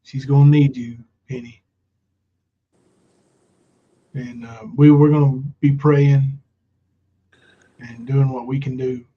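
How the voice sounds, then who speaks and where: A man's voice: mid-range voice, level tone, unhurried, husky. Man, livestream host, loose rambling delivery full of fillers, slightly muffled lo-fi sound. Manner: rambling, many fillers, reads viewer comments aloud. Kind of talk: casual livestream chat.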